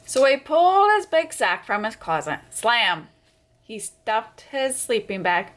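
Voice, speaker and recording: A woman hosting a children's storytime, reading a picture book aloud with expressive sound effects. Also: fairly high pitch, a little slow. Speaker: storyteller host.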